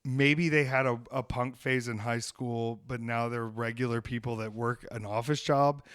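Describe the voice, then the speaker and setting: A man hosting a podcast, telling a story in casual chat, animated and swearing freely as he acts out what people said. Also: mid-range voice, normal speed, clean tone, dry recording, studio quality. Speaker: podcast host.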